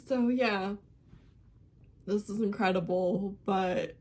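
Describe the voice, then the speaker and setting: A woman's voice: mid-range voice, slow pace, darkish tone. A woman book vlogger chatting casually about her reading, laughing often and getting tearful when a story moves her.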